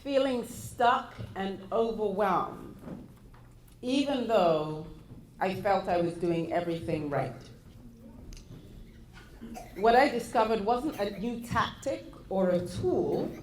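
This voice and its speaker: Slow, measured British woman speaking in a hall. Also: mid-range voice, lively intonation, a little mellow. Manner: measured and deliberate. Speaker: guest speaker. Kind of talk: motivational talk. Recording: echoey hall with faint background noise.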